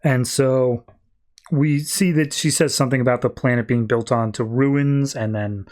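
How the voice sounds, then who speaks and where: A man's voice: medium pitch, steady tone, moderate pace, darkish tone. A man hosting a podcast, casually retelling a plot in a loose style full of fillers. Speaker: podcast host. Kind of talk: casual comics recap.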